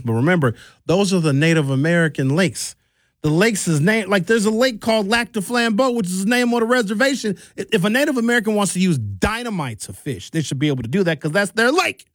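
A man with a Wisconsin accent hosting a radio talk show from a studio mic, telling stories in a joking, animated way. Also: high voice, fast, no room sound. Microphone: studio microphone.

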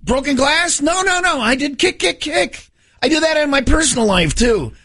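Bright, animated joking radio man. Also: extremely high pitch, normal speed. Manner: playful, jokey, repeats bits. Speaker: morning radio co-host. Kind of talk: casual banter.

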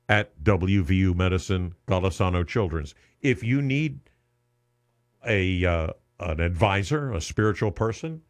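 A man hosting a charity radiothon on the radio, talking earnestly and often restarting with repeated words. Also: lowish voice. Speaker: radio host.

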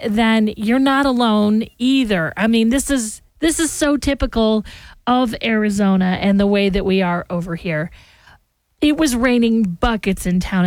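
A woman's voice: mid-range voice, a little mellow, no echo. A woman hosting a morning radio show, chatting casually and rambling straight to her listeners. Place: radio studio. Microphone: studio microphone.

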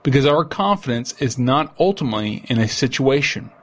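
A man, an associate pastor, giving an earnest radio sermon in a measured way, slowing down for key lines. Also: mid-range voice, animated. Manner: earnest, measured preaching with slow emphatic quotes.

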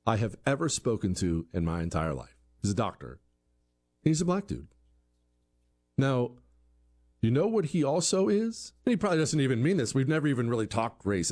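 A man's voice: medium pitch, a little mellow. A man giving an opinion monologue, asking rhetorical questions and acting out quoted voices, often repeating words as he restarts. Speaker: commentary show host.

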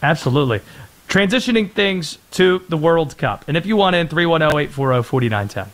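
Animated sports radio host, higher voice. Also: male voice, a little fast. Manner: animated, puts on silly voices.

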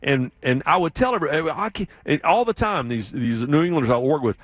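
Southern man, animated radio host. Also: fast talker, hardly any pauses, no echo. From South Carolina. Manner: animated storyteller, mimics others in high voices. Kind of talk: casual sports radio chat.

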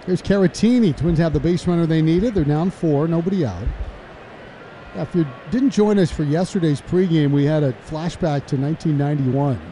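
A man calling a baseball game play-by-play, chatty and laughing between pitches. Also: normal speed, slight background noise. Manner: chatty, laughs between calls, gets loud and excited on big plays. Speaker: play-by-play announcer.

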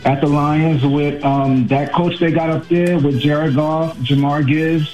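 A man's voice: fairly high pitch, fairly even intonation, unhurried, a little mellow, faint music behind. A man from Brooklyn with a New York accent, calling into a sports radio show and wryly predicting losses, laughing at his own team. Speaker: caller. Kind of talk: call-in sports radio chat. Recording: roomy, dull phone-in line.

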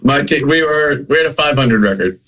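A man's voice: fairly high pitch, expressive, brisk, fairly bright tone. A man from Maine, a basketball coach, answering plainly and modestly as a guest on a video call. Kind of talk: remote interview.

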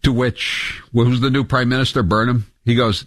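A man's voice: mid-range voice, fairly even intonation, moderate pace, few pauses, fairly bright tone, no echo. A male talk radio host, blunt and combative, mocking his opponents while taking calls.

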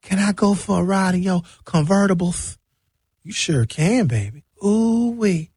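Man doing a high, lisping woman passenger, flirty and excitable, dry sound. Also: measured pace, breathy edge, no room sound, exaggerated voice. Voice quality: lisp. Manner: excited, shrieking when her wig flies off.

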